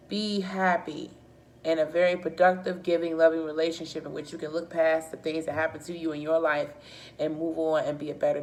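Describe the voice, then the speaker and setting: A woman giving a casual tarot reading to camera, talking bluntly and cursing freely, often restarting her sentences. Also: low voice. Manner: blunt and profane, frequent restarts. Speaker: tarot reader.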